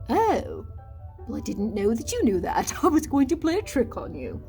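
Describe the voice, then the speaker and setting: A woman plays a playful puppet lady with a high, sing-song voice that swoops up and down. She talks like a teacher hamming it up for small children, with clear music under her. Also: wildly swooping pitch, moderate pace, darkish tone.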